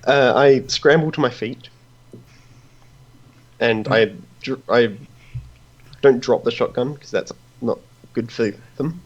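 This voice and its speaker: A man playing in a tabletop role-playing game, describing his actions in a hurried, self-deprecating way. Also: mid-range voice, slightly rough. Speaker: player. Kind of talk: casual chat in a tabletop game. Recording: dull lo-fi mic with faint hiss.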